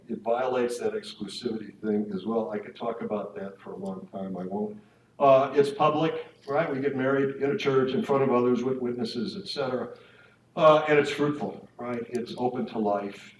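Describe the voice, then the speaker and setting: Speaking to couples at a parish marriage evening, a medium-pitched man delivers an informal faith talk, often using tag questions to check in with listeners. It's recorded in an echoey church hall or meeting room from a distant mic, with slight hiss or hum.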